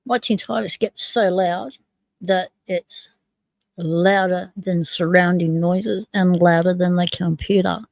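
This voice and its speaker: A woman's voice: on the low side, steady tone, slow pace, gravelly, a little mellow, dry recording. A woman with an Australian accent, hosting a casual livestream chat in a rambling, jokey way. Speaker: livestream host.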